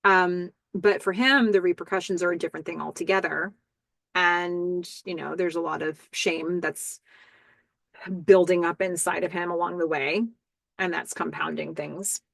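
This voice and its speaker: A woman's voice: on the low side, steady tone, moderate pace, vocal fry, a bit bright, no echo. A woman hosting a podcast, recapping a TV episode in casual talk and quoting the characters in her own voice. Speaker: podcast host.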